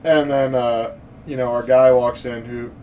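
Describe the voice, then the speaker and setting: A man co-hosting a casual movie review podcast, rambling and animated and laughing often as he recaps scenes. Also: medium pitch, a little slow, distant mic, a little hiss or hum. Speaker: podcast co-host.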